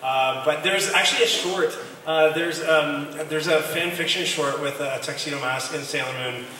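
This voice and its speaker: A voice actor fields a fan question, hedging and restarting as he searches for an answer. His voice sits a little high for a man and reaches the mic from a distance. A long hall reverb and steady background noise surround him. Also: moderate pace. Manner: hesitant, many ums and restarts, amused. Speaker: voice actor on a convention panel. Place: large convention hall. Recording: echoey hall from far off.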